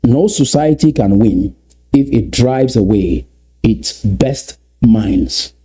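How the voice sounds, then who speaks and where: A man's voice: mid-range voice, animated, takes it slowly, mellow, husky. A man giving an impassioned address to his community, emphatic and repetitive, with many rhetorical questions. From Southern Cameroons. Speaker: political speaker.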